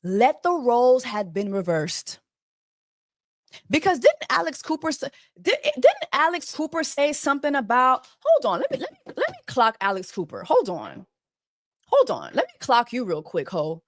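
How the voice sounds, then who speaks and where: A woman's voice: sits high, huge pitch swings, normal speed, no room sound, clean studio sound. A woman hosting a casual commentary video, emphatic and profane, repeating her points. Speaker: host.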